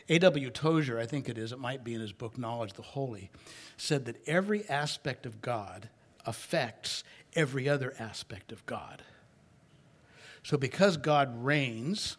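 Pastor preaching with rising emphatic declarations. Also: male voice, mid-range voice. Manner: swings from hushed asides to loud emphatic declarations; conversational, with restarts and homely anecdotes. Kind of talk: sermon.

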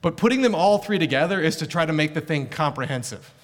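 A man's voice: on the high side, lively intonation, quick pace. A middle-aged male pastor preaching an earnest, emphatic sermon full of rhetorical questions. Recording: long hall reverb.

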